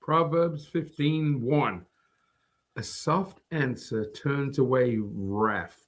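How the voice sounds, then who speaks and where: A man's voice: medium pitch, very slow. A man co-hosting a casual faith talk show, laughing often and teasing the others. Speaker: co-host. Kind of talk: casual chat.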